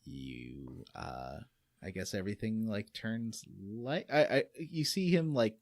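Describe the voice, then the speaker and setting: Lively, expressive man on a dry mic. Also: fairly low pitch, takes it slowly, vocal fry, no echo. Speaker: podcast co-host. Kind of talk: casual gaming podcast chat.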